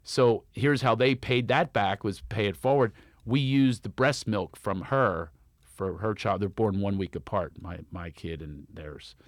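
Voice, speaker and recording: A man's voice: measured pace, no room sound, studio quality. A man, a comedian, telling stories in casual chat and acting out the voices of the people he quotes. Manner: animated storyteller, acts out quotes with big pitch jumps. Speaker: comedian guest.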